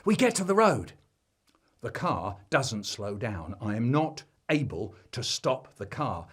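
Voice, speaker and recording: Male storyteller. Husky, lively pitch, deadpan comic delivery. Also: slow. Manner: dramatic swings between deadpan and loud.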